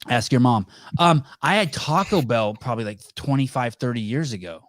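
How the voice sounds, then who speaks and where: A man's voice: medium pitch, lively intonation, normal speed, no room sound, clean studio sound. Teasing man hosting a call-in show. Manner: joking, teasing, rambling with restarts. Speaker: podcast host. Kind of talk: casual call-in show banter.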